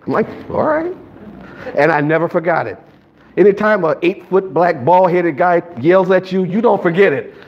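Speaking at normal speed in a high voice, a male preacher gives a sermon to a live church congregation. He slips in playful joking asides and uses call-and-response; the audio sounds slightly dull, with faint noise behind it.

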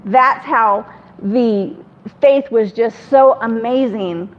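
A woman with a high voice tells a personal story in a chatty, casual way, acting out the people she quotes. The recording sounds dull and lo-fi. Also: slow pace. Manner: chatty, acts out other people in quoted dialogue. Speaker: guest telling her faith testimony.

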